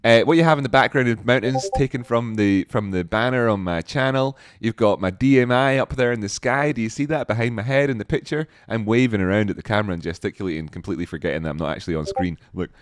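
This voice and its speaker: A man hosting a livestream, chatting casually and reading out viewer comments with jokes and sudden excited exclamations. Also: lowish voice, quick pace, few pauses, dry recording, clean studio sound. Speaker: livestream host.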